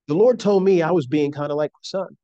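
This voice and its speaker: A middle-aged man preaching a sermon in an earnest, slow and emphatic way. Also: on the high side, dark tone, no echo, highs cut off.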